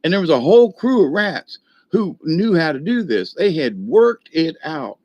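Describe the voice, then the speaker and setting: A man's voice: a little high, big pitch swings, normal speed, a little mellow, no echo, lo-fi sound. An older man telling a long, rambling folksy story, full of restarts and fillers. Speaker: video host.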